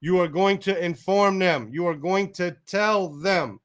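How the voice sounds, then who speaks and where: A man leads a word-by-word Quran translation lesson at an unhurried pace. His voice sits a little high, and he repeats each Arabic term before glossing it in English. He muses aloud in tentative asides. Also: fairly bright tone.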